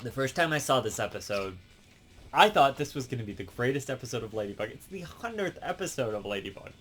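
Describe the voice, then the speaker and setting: A man's voice: mid-range voice, animated, fast, a bit bright. A man with a mid-range voice talks through a cartoon episode in a loose, rambling way. He keeps stopping to restart and correct himself, and leans on "like" and "um". Faint music sits underneath his voice. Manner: rambling, full of fillers and self-corrections. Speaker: show reviewer. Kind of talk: casual rambling episode recap.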